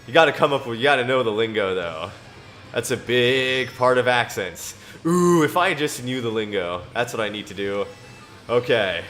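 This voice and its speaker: A male streamer talks at an unhurried, slow pace, drifting between scripture reading and loose chatter to no one in particular. He rambles and chuckles often, with faint music playing behind him. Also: medium pitch, expressive, fairly bright tone. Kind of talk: casual live-stream chat with scripture reading.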